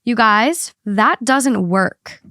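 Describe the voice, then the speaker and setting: Candid young woman host, bright pitch. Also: animated, extremely slow, no room sound, studio quality. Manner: blunt, giggly, candid. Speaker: podcast host. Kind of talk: casual chat.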